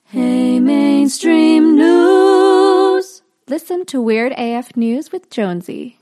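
A man singing a falsetto jingle voice. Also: animated, slow, warm tone, soft background music, full character voice. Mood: singsong. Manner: sung a cappella in falsetto.

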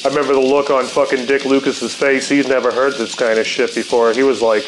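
A man's voice: medium pitch, little pitch movement, fairly quick, poor audio. A man in his fifties telling a rambling personal story, laid-back and swearing constantly, tossing in "man" and "dude". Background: guitar music playing.

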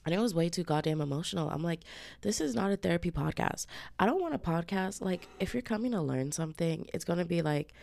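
Low, gravelly-voiced sick woman podcaster. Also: lively intonation, fast talker, hardly any pauses, a little mellow. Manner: chatty, slangy and profane, calls listeners babes. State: sick with flu, congested. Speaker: podcast host. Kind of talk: casual solo podcast chat.

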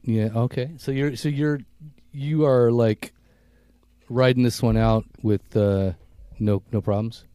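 A man in his fifties co-hosting a podcast, chatting casually in a rambling, reflective way with halting restarts. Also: mid-range voice, fairly even intonation, dark tone, clean tone, no room sound, studio quality. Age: 50s. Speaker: podcast co-host. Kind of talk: casual chat.

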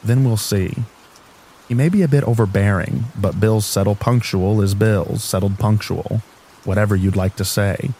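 A man's voice: fairly low pitch, fairly even intonation, normal speed, mellow, slight background noise, natural voice, rough recording. A man voicing a resolute, practical middle-aged landlady who speaks firmly and politely. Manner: firm, polite, businesslike.

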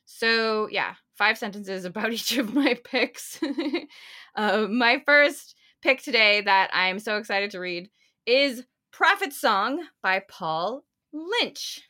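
A woman's voice: a little high, lively intonation, slow pace, sharp tone. A woman co-hosting a podcast, chatting casually and rambling through long stories. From United States. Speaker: podcast co-host. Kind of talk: casual chat.

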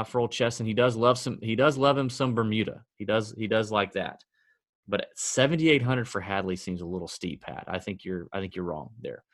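A man co-hosting a podcast, chatting casually about golf picks in a sardonic, conversational way, thinking out loud as he goes. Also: on the low side, dry recording, studio quality. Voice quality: conversational, sardonic, thinks aloud with fillers and self-corrections. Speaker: podcast co-host. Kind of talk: casual sports-betting chat.

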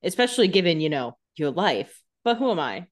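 Wry young woman with a lowish voice. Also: big pitch swings, brisk. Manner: wry, sarcastic asides and laughter. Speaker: podcast co-host. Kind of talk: casual recap chat.

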